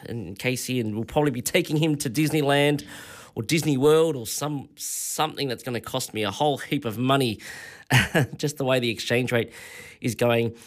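Australian male radio host, 40s, middle pitch, chatty rambling storyteller. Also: moderate pace. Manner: rambling, chuckling storyteller with many fillers. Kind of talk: casual radio chat.

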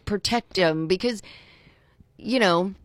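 A woman's voice: mid-range voice, takes it slowly, no room sound, studio quality. A woman co-hosting a talk radio show, chatting casually and voicing exasperated, outspoken opinions. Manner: opinionated, exasperated, repeats herself. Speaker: radio co-host.

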